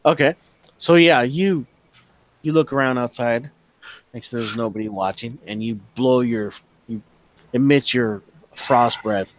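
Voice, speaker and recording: A man's voice: medium pitch, unhurried, long pauses, no echo, low-quality recording. A man running a tabletop game, narrating casually with lots of swearing and laughter. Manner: casual, profane, laughs often. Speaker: game master.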